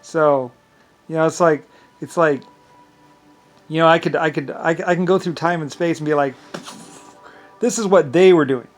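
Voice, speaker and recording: A man's voice: a little high, fairly even intonation, normal speed, long pauses, soft background music. A man vlogging in a rambling, profane monologue, full of grand claims and frequent laughter.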